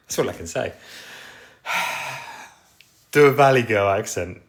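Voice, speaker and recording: A man's voice: lowish voice, lively intonation, slow, long pauses. An English man chatting casually on a livestream, reading the comments and rambling with a self-deprecating humor. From England.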